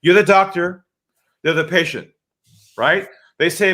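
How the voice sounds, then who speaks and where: Man, fairly high voice, animated, emphatic, interview guest. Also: unhurried. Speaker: sales expert guest. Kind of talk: energetic podcast interview.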